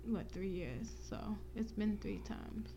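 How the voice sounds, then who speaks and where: A woman's voice: mid-range voice, animated, slow, creaky, mellow, lo-fi sound, slight background noise. A young woman co-hosting a casual podcast, talking in a laid-back way with lots of fillers. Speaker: podcast co-host.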